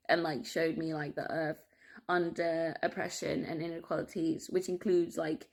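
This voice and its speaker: A woman talks straight to camera in a loose, unscripted monologue. Her voice sits slightly low, and she swears freely, loses her thread, and cuts herself off with apologetic asides. Laughter keeps breaking into her talk. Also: little pitch movement, moderate pace. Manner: restless, self-interrupting, apologetic asides. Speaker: vlogger. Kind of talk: candid personal monologue.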